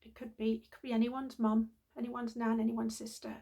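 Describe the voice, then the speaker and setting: A woman's voice: on the high side, level tone, brisk, creaky, mellow. A middle-aged woman vlogging, telling a personal story in an earnest, heartfelt, rambling way.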